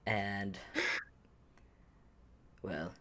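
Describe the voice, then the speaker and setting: Very deep-voiced woman game master. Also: drawn-out words. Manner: animated, descriptive, self-correcting. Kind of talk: narrating a tabletop game.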